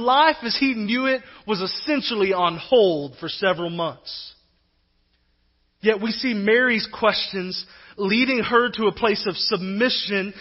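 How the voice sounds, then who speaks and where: A male pastor preaching a sermon in a conversational, animated way, acting out quoted voices now and then. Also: high voice, lo-fi sound.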